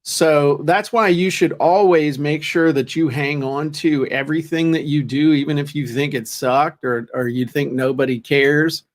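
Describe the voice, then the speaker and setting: A man's voice: a little high, fairly even intonation, moderate pace, few pauses. A man co-hosting a podcast, talking in a chatty, joking, self-deprecating way. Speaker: podcast co-host. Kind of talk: casual chat.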